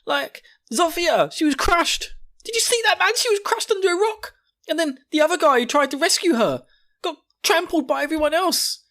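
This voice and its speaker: A man's voice: extremely high pitch, expressive, moderate pace, pushed and bright, voice pushed up, full character voice. A man voicing a furious teenage girl soldier who rants shrilly and swears about revenge.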